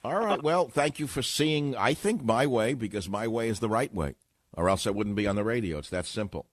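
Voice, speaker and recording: A man's voice: on the low side, animated, brisk, dry recording. A man from New York hosting a combative talk radio show, blunt and sarcastic with his callers. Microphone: studio microphone.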